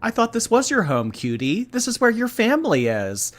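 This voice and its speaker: Animated sarcastic commentary host. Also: male voice, high voice, moderate pace. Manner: sarcastic, animated, laughing asides. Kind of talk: reaction commentary.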